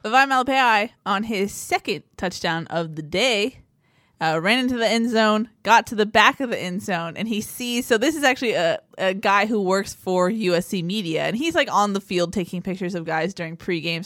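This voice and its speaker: Female co-host, mid-range voice, animated sideline anecdotes, dry studio sound. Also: mid-range voice, normal speed, dry recording. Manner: lively storyteller, acts out quotes. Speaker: podcast co-host, sideline reporter. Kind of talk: casual sports podcast chat. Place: podcast studio.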